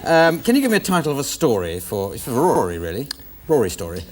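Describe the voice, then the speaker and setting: A man's voice: mid-range voice, big pitch swings, fast talker, a little mellow. A British man hosting a live improv show, bantering dryly with the audience. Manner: wry, dry banter with the audience. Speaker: show host. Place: TV studio with audience. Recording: live studio audience, background noise.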